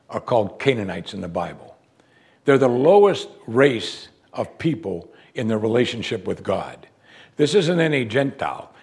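A man preaching a sermon as pastor, swinging between loud exclamations and hushed asides. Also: medium pitch, husky.

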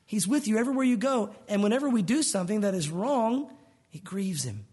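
Husky preacher guy, pretty high voice, talking casual to the crowd. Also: lively intonation, brisk, darkish tone. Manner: conversational, addresses listeners as "guys"; earnest, explains verses in plain words. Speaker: pastor. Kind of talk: sermon.

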